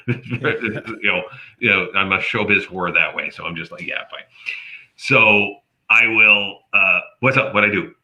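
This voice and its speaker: A man's voice: lowish voice, measured pace. A man from Canada, a comedian telling a story in casual chat and acting out the people in it. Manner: animated, acts out quoted voices. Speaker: comedian guest. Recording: dull lo-fi audio.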